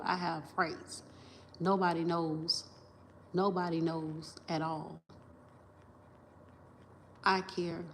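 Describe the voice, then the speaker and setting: A woman's voice: on the low side, slight background noise. A woman on a livestream, talking in a rambling, emphatic and profane way, restarting sentences and repeating herself into a phone camera.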